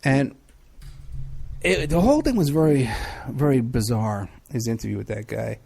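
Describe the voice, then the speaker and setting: A man's voice: medium pitch, moderate pace, vocal fry, dark tone, slightly rough. A middle-aged man hosting a talk show, rambling casually through viewer questions with many hesitations. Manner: rambling, chatty, frequent hesitations. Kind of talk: casual livestream chat.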